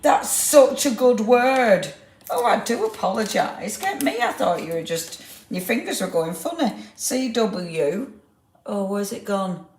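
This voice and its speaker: A woman's voice: medium pitch, sing-song, measured pace, darkish tone. A woman hosting a casual live craft stream, greeting viewers by name and laughing often. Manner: chatty, reads out viewer comments, laughs often. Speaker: craft livestream host. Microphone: clip-on microphone. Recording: roomy echo.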